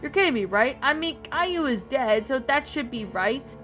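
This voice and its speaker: A woman's voice: sits high, expressive, normal speed, a bit bright, faint music behind, pitched above the performer's own voice. A woman reading the lines of a confident, indignant young man in an amateur story reading. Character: defiant young man, victorious fighter.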